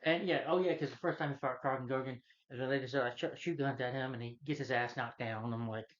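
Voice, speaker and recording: A man in the middle of a loose, rambling movie review, working through the plot with fillers at every turn. His voice sits at an ordinary middle pitch. The recording has a slightly muffled, lo-fi quality. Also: quick pace. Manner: loose, meandering retelling with many fillers. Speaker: film reviewer.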